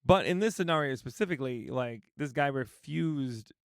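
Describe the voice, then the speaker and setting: A man's voice: medium pitch, expressive, normal speed, vocal fry, no room sound, studio quality. A man hosting a podcast, chatting in a playful, jokey way. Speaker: podcast host. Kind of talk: casual podcast chat.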